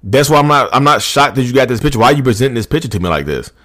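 A man's voice: mid-range voice, lively intonation, racing, fairly bright tone, natural voice. A man acting out a manipulative boyfriend who turns the blame around, talking in an indignant, wounded, rambling way. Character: defensive gaslighting boyfriend, adult man, manipulative.

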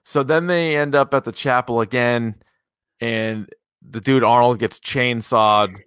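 A man's voice: medium pitch, fairly even intonation, a little slow, fairly bright tone, smooth, no room sound, studio quality. A man casually recapping a horror movie with a co-host, laid-back, swearing and laughing often. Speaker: podcast co-host.

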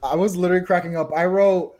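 Co-host, casual chat, blunt and amused, mid-range pitch. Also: steady tone, fast, a little mellow. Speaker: podcast co-host.

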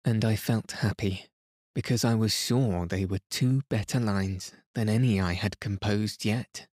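Man, bedtime story reader, low voice, gentle and even, dry close sound. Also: unhurried, no room sound. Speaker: podcast reader. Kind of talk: calm bedtime story reading.

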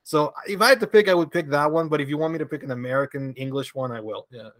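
A man's voice: a little high, quick pace, no room sound. Laughing Venezuelan man, swears freely. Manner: relaxed, hesitant, laughs often, swears freely. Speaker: guest, comic creator. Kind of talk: casual interview chat.

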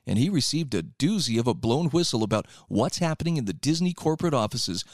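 A man's voice: medium pitch, no echo, clean studio sound. A man hosting a talk radio show, reading out and commenting on articles in a sarcastic, opinionated way.

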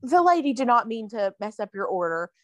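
A woman's voice: a little high, big pitch swings, brisk, no room sound. Tired woman in dry chat. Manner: chatty storyteller with fillers. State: tired, yawning. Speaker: podcast co-host. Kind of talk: casual chat.

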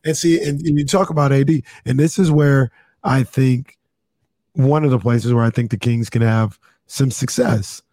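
A man's voice: medium pitch, moderate pace, mellow, no room sound, studio quality. A man co-hosting a sports talk show, easygoing and analytical, who laughs often. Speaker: sports radio co-host.

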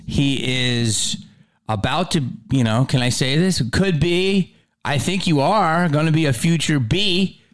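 A man hosting a casual interview, excitable and joking, talking into a studio microphone. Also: fairly high pitch, a little slow. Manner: excitable, animated, loose and joking. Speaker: podcast host.

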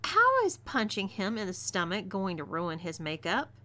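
A woman's voice: medium pitch, huge pitch swings, normal speed, sharp tone. Texan woman playing Layla, a scheming outlaw woman. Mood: teasing. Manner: teasing, businesslike.

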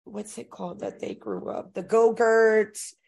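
A woman's voice: a little high, unhurried, creaky. A middle-aged woman from the United States chatting on a podcast, telling stories with lots of swearing and fillers. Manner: animated, profane storytelling with many fillers. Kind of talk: casual podcast chat.

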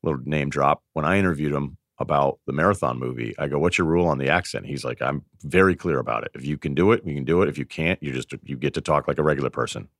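Deep-voiced man in podcast banter. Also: fast, few pauses, no echo, studio quality. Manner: animated storyteller acting out quotes. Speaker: podcast guest. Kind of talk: casual sports podcast chat.

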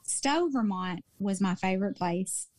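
A woman from Mississippi with a Southern accent, co-hosting a podcast and telling travel stories in a chatty, animated way, repeating lines for emphasis. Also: medium pitch, measured pace, no echo. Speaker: podcast co-host. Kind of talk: casual storytelling chat.

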